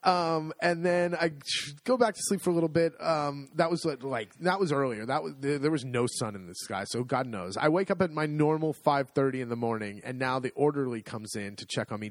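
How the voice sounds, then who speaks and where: A man's voice: mid-range voice, fairly quick, no room sound. A middle-aged man telling a story in casual chat, acting out the dialogue and laughing as he goes. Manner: animated, acts out dialogue, laughs often.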